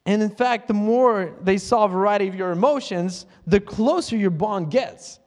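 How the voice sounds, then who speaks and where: A man's voice: sits high, moderate pace. A middle-aged man preaching a casual, conversational sermon as pastor, chuckling at himself now and then and briefly imitating how other people pray. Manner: conversational, self-laughing, mimics others' prayers. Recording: church hall reverb.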